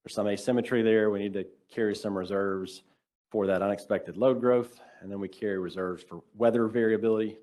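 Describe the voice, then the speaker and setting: A man giving a measured, explanatory technical presentation on a video call, in casual phrasing. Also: fairly low pitch, fairly even intonation, mellow. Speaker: workshop presenter.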